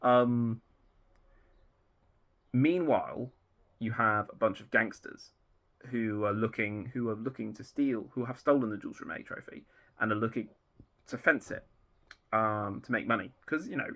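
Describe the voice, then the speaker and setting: A man's voice: fairly low pitch, normal speed, pauses often, a bit bright. A man casually talking through the plot of an episode he has written, rambling loosely with lots of fillers. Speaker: fan writer outlining his own series.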